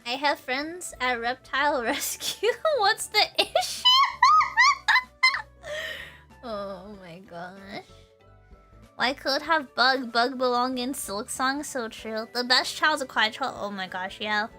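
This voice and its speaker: A woman's voice: a little high, lively intonation, slow pace, sharp tone, faint music behind. A young woman hosting a casual livestream chat, rambling through stories and breaking into giggles. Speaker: livestream host.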